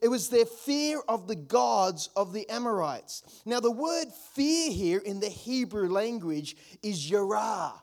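High-voiced earnest pastor preaching. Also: male voice, very animated, measured pace, hardly any pauses, a little mellow. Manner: earnest preaching with repeated words and rising emphasis. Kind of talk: sermon.

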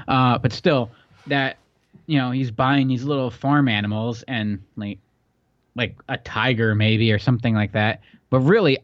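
A man's voice: mid-range voice, no room sound, dull audio. Rambling man on a casual podcast. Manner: rambling, self-deprecating, lots of fillers. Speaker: podcast co-host. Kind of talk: casual chat.

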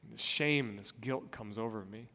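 A man in his thirties, a pastor preaching a sermon, telling a personal story in an earnest way and moving between soft and loud passages. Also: on the low side, normal speed. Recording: long hall reverb.

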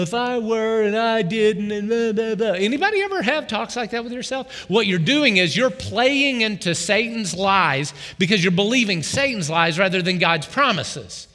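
A man preaching a sermon as pastor, animated and calling out questions to his congregation. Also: high-pitched, big-room sound.

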